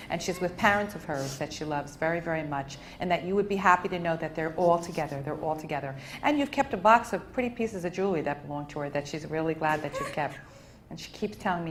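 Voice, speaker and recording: A woman's voice: on the low side, fairly quick, a little hiss or hum, poor audio. Soothing woman giving a live spirit reading. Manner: soft, soothing, tender, calling people honey and sweetheart. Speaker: medium at a public reading.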